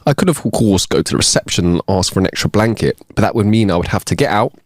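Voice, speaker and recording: A man's voice: fairly low pitch, lively intonation, quick pace, no echo, studio quality. A man voicing a scheming man sharing a cruise cabin, sly and teasing.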